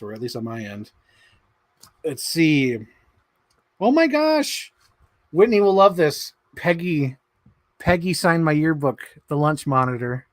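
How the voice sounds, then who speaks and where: Slightly winded, a thirtysomething man on a livestream works through his yearbook signatures out loud, cracking up, swearing and wandering off topic. His voice sits in the middle range, captured in a dry recording.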